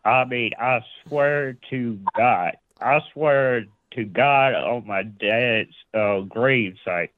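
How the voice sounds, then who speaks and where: A man's voice: mid-range voice, very slow, few pauses, no room sound. A man on a phone call, hesitant and insistent, full of fillers. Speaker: caller. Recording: tinny phone line.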